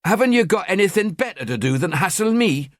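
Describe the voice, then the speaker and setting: A man's voice: high voice, expressive, fairly quick, no room sound, studio quality, pitched above the performer's own voice. A man voicing a sullen, streetwise teenage girl from Newcastle in an audiobook, with a Geordie accent and bolshy back-talk. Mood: whiny. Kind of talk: audiobook character voice.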